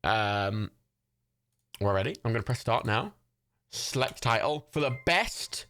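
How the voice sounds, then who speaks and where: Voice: mid-range voice, expressive, a little slow, a bit bright, no echo, clean studio sound. A young adult streamer hosting a watch party, chatting casually, reading out chat and gifts, swearing freely and laughing often.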